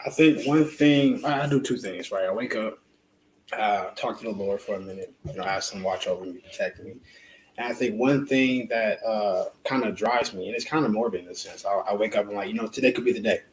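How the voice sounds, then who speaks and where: A young man, a college student on a panel, speaking earnestly and deliberately. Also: lowish voice, echoey room, a little hiss or hum, poor audio. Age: young adult. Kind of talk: earnest discussion.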